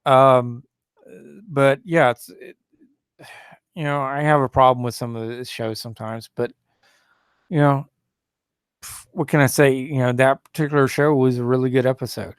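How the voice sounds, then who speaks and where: A man's voice: medium pitch, fairly even intonation, normal speed, long pauses, clear, resonant tone, no echo, studio quality. A man hosting a solo talk show, rambling and indignant, with many fillers and restarts, who mocks opposing views in a raised, sneering voice.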